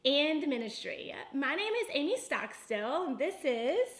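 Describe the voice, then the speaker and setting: High-voiced, chatty young woman. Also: measured pace. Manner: chatty and animated, laughs often. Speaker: ministry vlogger, co-host with husband. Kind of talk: casual chat to camera.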